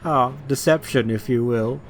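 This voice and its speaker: A man voicing a haughty, scheming noblewoman villain in a video game, speaking in a smug, measured way. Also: medium pitch, soft background music, natural voice.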